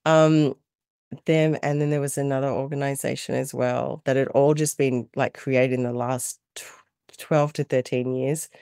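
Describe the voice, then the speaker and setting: A middle-aged Australian woman, a mother and carer, telling animated stories in a casual interview and laughing often. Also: extremely low pitch, moderate pace, no echo, studio quality.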